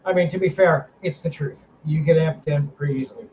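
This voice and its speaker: A middle-aged man in a podcast chat whose fairly high voice swings around, ranting with heat and swearing freely. The sound is slightly dull, with a faint hiss behind it. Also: fairly even intonation, brisk, a little mellow. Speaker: paranormal team director, host.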